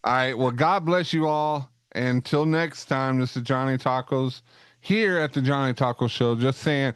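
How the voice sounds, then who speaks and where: A man's voice: medium pitch, a little slow, clear, resonant tone, no echo, studio quality. A man hosting a casual interview show, joking and rambling with lots of fillers and restarts. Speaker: podcast host.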